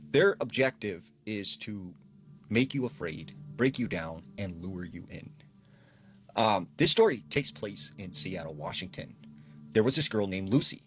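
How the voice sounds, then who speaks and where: Casting: low-voiced man, calm casual ghost-story telling, faint music behind. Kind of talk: casual scary-story narration.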